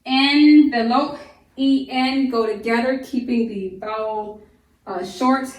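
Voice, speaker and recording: A woman homeschool teacher giving a phonics lesson to young children, stretching out each word slowly and explaining patiently. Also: a little high, recorded from a distance. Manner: slow, drawn-out sounding of words, patient explaining. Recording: echoey room, voice off-mic.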